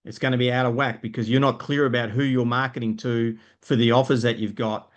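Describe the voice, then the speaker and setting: A man with an Australian accent teaching business owners in a live stream, energetic and explanatory, often checking in with "right?". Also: medium pitch, brisk.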